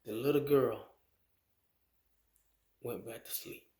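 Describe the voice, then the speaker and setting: A man preaching a sermon as a slow, drawn-out story with folksy grammar. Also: mid-range voice, fairly even intonation, darkish tone, roomy sound.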